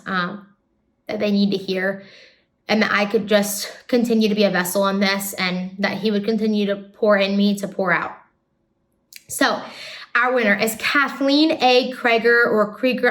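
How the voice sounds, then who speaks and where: A young woman talking casually to her viewers, earnest and rambling, a little out of breath. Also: medium pitch. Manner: earnest, rambling, warm-hearted. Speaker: ministry vlogger announcing a giveaway. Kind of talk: casual chat to camera.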